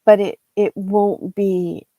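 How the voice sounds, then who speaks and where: Woman English teacher, live-stream lesson; slow, warm, gravelly delivery, dry close sound, thinks aloud with restarts. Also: mid-range voice, fairly even intonation, dry recording, highs cut off.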